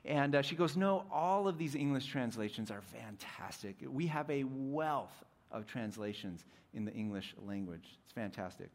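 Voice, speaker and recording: A young adult man preaching a sermon as pastor, animated, dropping to soft intimate tones at times. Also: medium pitch, moderate pace.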